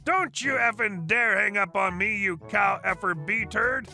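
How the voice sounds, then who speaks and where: A man's voice: high-pitched, measured pace, gravelly, bright, forceful tone, faint music behind, full character voice. A man voicing a rude drunk male hotel guest who slurs and swears on the phone. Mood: furious. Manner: slurred, abusive, demanding.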